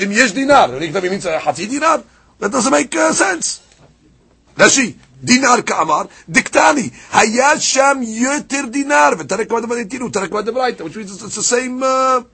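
A man's voice: high voice, slightly rough. A man teaching a Talmud lesson, explaining a passage back and forth and reading out Aramaic lines between English explanations. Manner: animated, rises sharply on key points.

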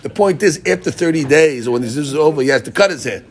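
A man's voice: fairly high pitch, expressive, fast. A man teaching a daily Gemara class, asking rhetorical questions and mixing in Hebrew and Aramaic terms. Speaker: Talmud teacher.

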